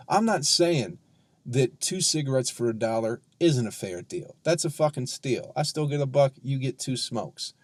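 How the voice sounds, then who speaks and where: A man, a comedian hosting his own podcast, ranting heatedly and sarcastically with lots of profanity and drawn-out emphasis. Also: mid-range voice, a little mellow, no echo. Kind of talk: ranting solo podcast monologue.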